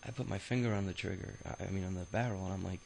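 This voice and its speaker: A man's voice: deep voice, fairly even intonation, rapid-fire, creaky, darkish tone, slight background noise, low-quality recording. A man in his thirties telling his own life story in a rambling, profane, casual way, full of filler sounds. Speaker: autobiography narrator. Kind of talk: casual spoken memoir storytelling.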